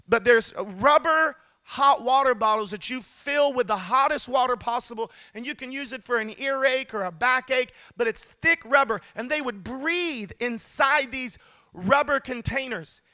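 A man, building from quiet storytelling to impassioned, shouted peaks. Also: extremely high pitch, normal speed, dry recording. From United States. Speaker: preacher. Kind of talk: sermon.

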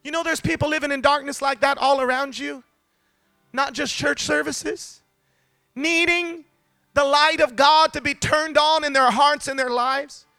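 A man preaching a sermon to a congregation, fervent and building to shouted climaxes, calling out to the listeners. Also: very high voice, steady tone, a little slow, gravelly, dry recording, studio quality, faint music behind. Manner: calls out to the congregation.

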